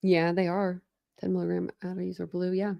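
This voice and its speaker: This young true crime host delivers official documents in a completely flat tone at a moderate pace, stopping often for casual, filler-laden thinking aloud. Her voice is a little low with a gravelly edge. The lo-fi audio is dry and close, with no room sound.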